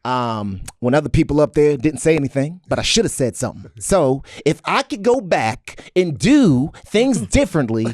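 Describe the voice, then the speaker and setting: Brash male stand-up type, a man doing an impression, higher-pitched, dry close sound. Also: big pitch swings, a little mellow, no room sound. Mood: defensive joking. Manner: rapid, joking apology with repeated "listen". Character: fast-talking male comedian, brash and defensive.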